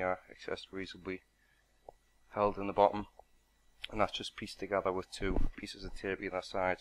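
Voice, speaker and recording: Man, deep voice, monotone, matter-of-fact product unboxing narration. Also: a little hiss or hum. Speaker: product reviewer.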